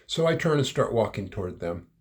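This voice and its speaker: Middle-aged male storyteller, low gravelly voice, rambling, casual anecdote delivery. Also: sing-song, fairly quick. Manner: rambling, repeats words, chuckles while telling. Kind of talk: personal anecdote told aloud.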